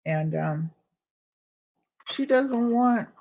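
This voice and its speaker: A woman's voice: fairly high pitch, animated, drawn-out words, a little mellow, dull audio. An older woman chatting casually with live viewers in her home kitchen, rambling and greeting them by name. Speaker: home vlogger. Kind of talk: casual live-stream chat while cooking.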